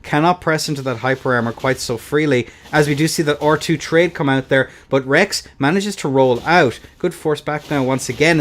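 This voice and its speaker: A young man doing play-by-play commentary on a video game tournament, animated, swinging between hushed and hyped calls, with playful asides. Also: mid-range voice, brisk, hardly any pauses, slight background noise. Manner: playful, slips into a joking Scottish accent.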